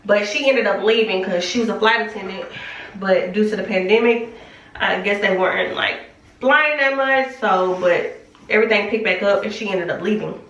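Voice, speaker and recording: Recorded on a distant mic in a room with noticeable echo, this young woman speaks off the mic at a moderate pace. Her medium-pitched voice has a fairly bright tone as the vlogger shares a casual faith testimony, candid and chatty with lots of fillers.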